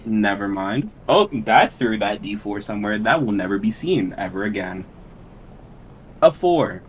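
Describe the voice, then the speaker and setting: A man playing in a tabletop role-playing game, talking in a casual, drawn-out way and laughing easily. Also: fairly low pitch, expressive, a little hiss or hum, poor audio. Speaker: player.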